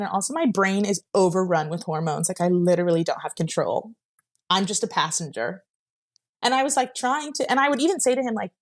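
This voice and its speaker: A young woman shares her own story in a loose, casual way. Her voice sits at a middle pitch, and she rambles, leaning on "like" over and over and laughing now and then. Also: expressive, a little fast. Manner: rambling, heavy use of "like", laughs while telling. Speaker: guest sharing her story.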